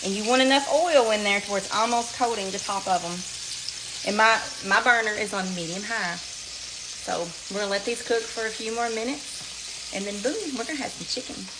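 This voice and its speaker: In her kitchen, a middle-aged woman with a Southern US accent gives a casual cooking demo, speaking to viewers as y'all in a chatty, down-to-earth way. Her voice is mid-range at a moderate pace, with background noise and oil frying and sizzling.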